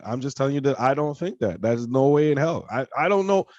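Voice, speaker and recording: A man's voice: mid-range voice, animated, fairly quick, dry recording. Heated man on a dull, dry recording. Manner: heated and emphatic, repeating himself. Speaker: podcast co-host. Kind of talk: casual podcast discussion.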